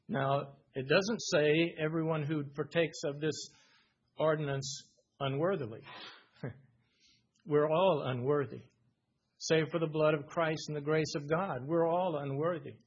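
A man's voice: on the high side, fairly even intonation, a little slow, slightly rough. A man preaching a sermon, reading verses aloud and explaining them, repeating phrases for emphasis. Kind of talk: sermon reading and expounding Scripture. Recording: dull lo-fi recording.

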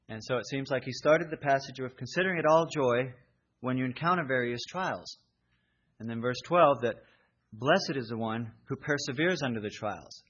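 A man's voice: medium pitch, normal speed, a bit bright. A man preaching a sermon in an earnest, conversational way. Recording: dull lo-fi recording.

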